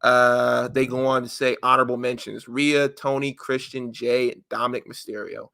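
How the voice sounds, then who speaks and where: A man's voice: medium pitch, little pitch movement, moderate pace, vocal fry, bright, forceful tone, dry recording, clean studio sound. A man co-hosting a podcast in casual chat, joking loosely as he reads out listener answers. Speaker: podcast co-host.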